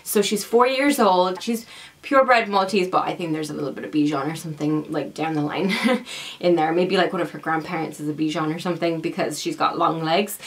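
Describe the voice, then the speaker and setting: A woman's voice: sits low, fairly quick. Chatty young woman vlogger. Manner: chatty and affectionate, laughs often. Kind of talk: casual chat to camera.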